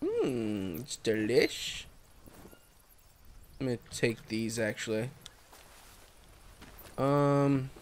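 A man's voice: medium pitch, animated, drawn-out words, long pauses, a little hiss or hum. A man giving casual solo commentary over a survival game, exclaiming at surprises. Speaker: gameplay commentator.

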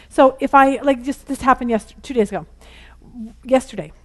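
A middle-aged woman teaching a women's Bible study in an informal, candid way, hurrying to finish and acting out family conversations as she goes. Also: fairly high pitch. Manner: chatty and candid, rushing against the clock; acts out family conversations in lively quoted voices.

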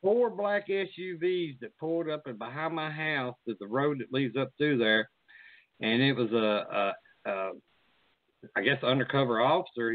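A man's voice: mid-range voice, no room sound. A man hosting a casual chat, telling rambling stories and swearing freely. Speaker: host. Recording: phone-like line.

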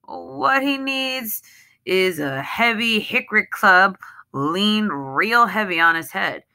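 A woman's voice: mid-range voice, expressive, takes it slowly, creaky, bright, forceful tone, pitched above the performer's own voice, heavily acted. A woman voicing a blunt, scornful villager in dialect.

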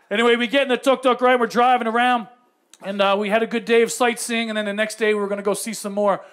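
A middle-aged man telling a stand-up comedy story with animated, punchy delivery. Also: high voice, fast talker.

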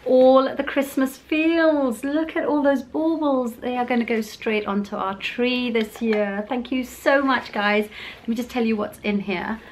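A woman's voice: mid-range voice, slight background noise. A middle-aged woman chatting casually as she unboxes beauty products for her vlog, gushing and exclaiming as she goes. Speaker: beauty vlogger.

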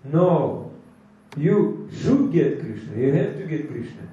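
A man preaches slowly and emphatically, sometimes stretching phrases into a chant. His voice sits fairly high but sounds mellow. It is recorded at a distance in a very echoey hall, with a muffled, lo-fi quality. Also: very animated. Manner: slow emphatic preaching, drawn-out chanted phrases, mixes in Hindi. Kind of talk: sermon.

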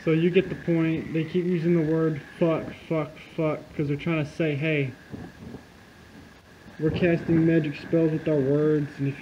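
A man's voice: a little high, level tone, measured pace. A man talking over a video clip, profane and insistent as he explains a hidden message. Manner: profane, insistent conspiracy talk. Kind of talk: casual video commentary. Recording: dull lo-fi sound with clear noise.

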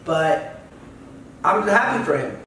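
A man's voice: on the high side, sing-song, slow, pushed and bright. A man in his thirties hosting a casual podcast chat, making wry, joking asides. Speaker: host. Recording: echoey room, distant mic, faint noise.

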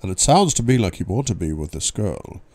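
A man reading as a calm, probing male therapist. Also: sits low, no room sound, full character voice. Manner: measured, probing questions. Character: calm probing male psychiatrist, middle-aged. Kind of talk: audiobook reading.

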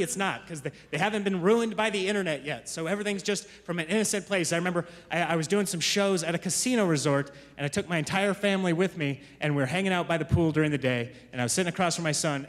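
A man performing a stand-up comedy set on stage, chatty and self-interrupting. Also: high-pitched. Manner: conversational, self-interrupting, jokey. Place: theater stage before a live audience. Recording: reverberant hall with audience laughter.

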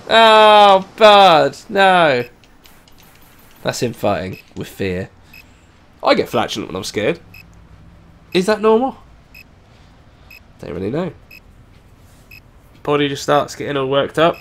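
A man talks over a video game in a rambling, self-mocking way, his fairly high voice swinging widely in pitch. He drifts into low mutters, then bursts into loud excited yells and curses at the game. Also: takes it slowly, pauses often. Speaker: gaming channel host. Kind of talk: let's play commentary.

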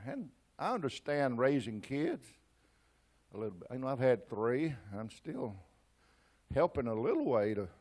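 A man's voice: medium pitch, a little mellow. An older man in his sixties with an East Texas accent, preaching a folksy sermon full of personal stories and stammered restarts. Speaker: church speaker.

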